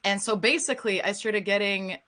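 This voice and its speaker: A woman's voice: mid-range voice, fairly quick, pushed and bright. A woman from Slovenia with a Slovenian accent, speaking frankly and emphatically as a voice actor on a panel. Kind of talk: panel discussion.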